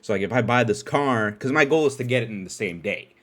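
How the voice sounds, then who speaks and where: A young man from Canada hosting a podcast, telling a story in a casual monologue with lots of swearing, laughter and sudden jumps in pitch. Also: lively intonation, fairly quick. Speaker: podcast host.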